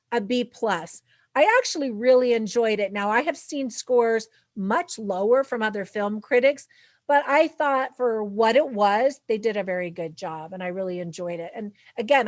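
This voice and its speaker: A woman's voice: fairly high pitch, no echo. Upbeat woman reviewing a movie, dry sound. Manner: upbeat, chatty, addresses parents directly. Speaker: film reviewer and channel host. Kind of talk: casual movie review to camera.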